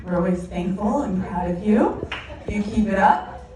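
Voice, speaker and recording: Mid-pitched woman, proud emphatic toast, distant mic, reverberant hall. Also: expressive, a little slow, mellow. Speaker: early childhood educator. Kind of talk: heartfelt party toast. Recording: echoey hall, far mic, noise.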